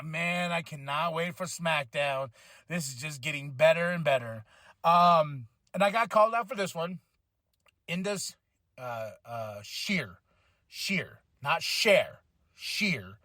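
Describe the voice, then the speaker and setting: A man hosting a podcast, giving a casual, excitable wrestling show review, swearing freely and laughing often. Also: high-pitched, dry recording, studio quality. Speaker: podcast host.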